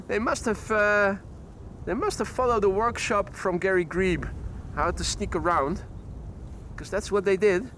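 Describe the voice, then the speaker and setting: On a live plane-spotting stream outdoors by the water, a man chats playfully with his viewers. His voice sits high and he speaks a little slowly with long pauses, while loud traffic noise fills the background.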